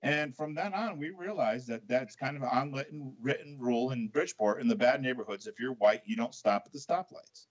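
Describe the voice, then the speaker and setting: A man's voice: mid-range voice, fairly quick, few pauses. A man from Connecticut co-hosting a casual call-in radio chat, rambling and leaning on "you know" between laughs. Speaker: co-host. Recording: dull lo-fi stream audio.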